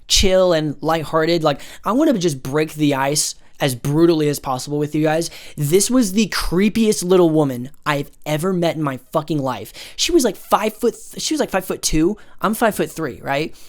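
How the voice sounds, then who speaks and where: A man telling a personal story in a casual, rambling way, swearing often and filling his speech with "like" and "you know". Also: a little high. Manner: rambling, profane, heavy filler words.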